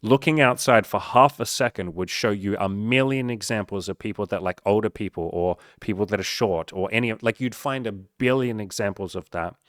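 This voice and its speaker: A man's voice: on the low side, a little fast, hardly any pauses, no room sound, clean studio sound. A male life coach talking straight to the viewer in a blunt, emphatic way, swearing often and mocking the doubts in people's heads. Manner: blunt and profane, heavy swearing; emphatic, mocks the listener's inner voice. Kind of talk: motivational monologue.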